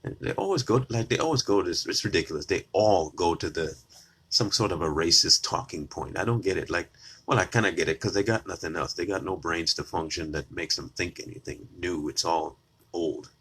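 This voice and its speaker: Addressing his audience head-on, a male political commentator argues his opinions combatively and repeats himself to drive points home. His low, husky voice is brisk with a fairly bright tone.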